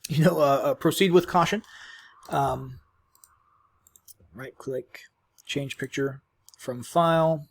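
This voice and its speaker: A man giving a casual, rambling screen-recorded software tutorial, chewing as he talks, with many fillers and restarts. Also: medium pitch, takes it slowly, gravelly, long pauses. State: chewing while talking. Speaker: tutorial host.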